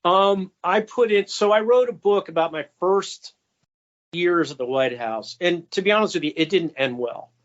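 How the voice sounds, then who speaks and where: A man recounts behind-the-scenes stories as an interview guest, chatty and anecdotal. His voice sits a little high for a man. The audio is dull and lo-fi. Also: normal speed. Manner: anecdotal, acts out quoted voices with raised pitch. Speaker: guest, former White House stenographer. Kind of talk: storytelling interview answers.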